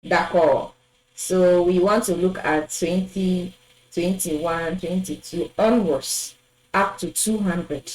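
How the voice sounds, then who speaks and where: A woman teaching a French numbers lesson, saying each word twice and pausing with fillers. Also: on the low side, fairly even intonation, darkish tone, reverberant, soft background music, poor audio. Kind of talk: language lesson, drilling numbers.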